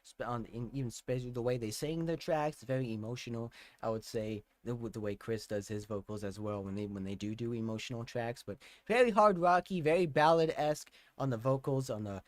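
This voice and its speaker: A man hosting a music reaction video, rambling casually with many fillers and bursting into excited outcries. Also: mid-range voice, a little fast, few pauses, no echo. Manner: rambling, lots of fillers and hedges; excitable outbursts.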